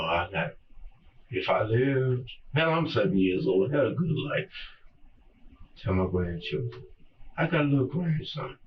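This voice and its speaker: Older guy in an interrogation room, talks real slow, keeps repeating himself, sounds far off and muffled. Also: mid-range voice, slight background noise. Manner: slow, repetitive, pleading, emotional. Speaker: murder suspect in interrogation. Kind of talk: police interrogation statement.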